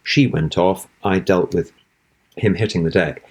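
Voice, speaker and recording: His husky voice sits low and keeps a measured pace. As an interview guest, this middle-aged actor tells a long, animated theatrical anecdote, playing out the different voices within it.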